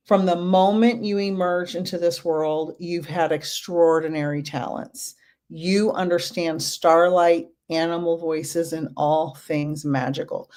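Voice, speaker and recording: A woman giving card readings to a live chat audience, gentle and reassuring, calling out viewers' names again and again. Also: lowish voice, fairly even intonation, measured pace. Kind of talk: livestream reading.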